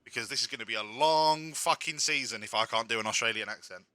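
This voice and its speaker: A man's voice: mid-range voice, fast talker, pushed and bright, no echo. A man giving casual, joking commentary while playing a game, sweary and self-mocking. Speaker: streamer.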